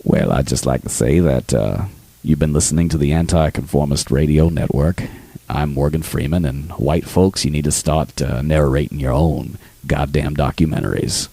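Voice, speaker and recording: A man puts on an older male film narrator who sounds calm and dignified. The voice sits extremely low and gravelly, with a dark, husky tone. It is recorded dry, close to the mic, in a radio studio. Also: no room sound, full character voice. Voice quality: very deep, gravelly, slow and measured. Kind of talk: comic impression on talk radio.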